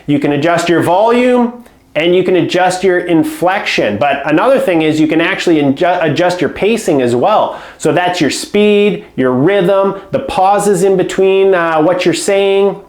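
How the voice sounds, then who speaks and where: A man's voice: high-pitched, moderate pace, echoey room. A man coaching home care business owners in a direct instructional talk, speaking up firmly and stressing key words.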